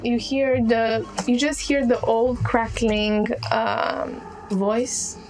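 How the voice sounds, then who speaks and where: Woman gm narrating slow, lots of ums, a bit high-pitched. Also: fairly even intonation, a little mellow, poor audio. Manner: halting, with many fillers and restarts. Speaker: game master. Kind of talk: narrating a tabletop game.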